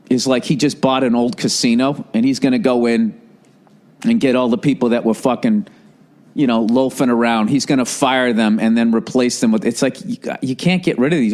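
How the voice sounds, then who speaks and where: A man in his forties hosting a podcast, ranting in a profane, sarcastic, animated comedic style. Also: mid-range voice. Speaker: podcast host. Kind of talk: comedic rant.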